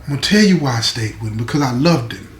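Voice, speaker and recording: A man's voice: medium pitch, animated, fast talker, voice pushed down, close to an everyday voice. Weary, protective mother, earnest and pleading, voiced by a male storyteller, in a roomy space. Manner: earnest, pleading, emphatic repetition. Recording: echoey room.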